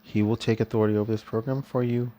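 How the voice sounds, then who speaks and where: A man's voice: mid-range voice, level tone, fast talker, warm tone. A man talking in a loose, rambling religious vlog monologue, chuckling often as he goes. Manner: loose, rambling delivery with frequent restarts. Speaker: vlogger.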